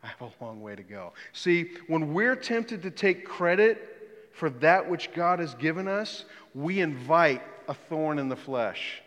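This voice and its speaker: A middle-aged male pastor delivering a sermon, his voice sitting a little high for a man. He speaks earnestly and with emphasis, and sometimes sinks to a hushed, low tone to drive a point home. His words ring out with a long reverb, as in a large church hall. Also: big pitch swings, measured pace. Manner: earnest and emphatic, often drops to a quiet, low voice for stress.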